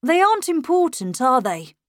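A woman voicing a clever young boy who speaks in a smooth, polite way with a cold edge underneath. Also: high-pitched, very animated, slow, no room sound, studio quality, pitched above the performer's own voice, heavily acted. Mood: evasive.

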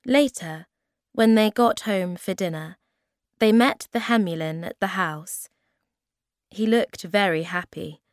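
A woman reading a children's story aloud in a gentle, unhurried way. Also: medium pitch, no room sound, clean studio sound. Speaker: storybook reader.

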